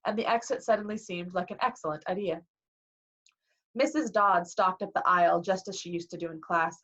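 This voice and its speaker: Woman reading a novel aloud. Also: on the low side. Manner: lively, acts out the dialogue. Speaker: reader. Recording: dull lo-fi recording.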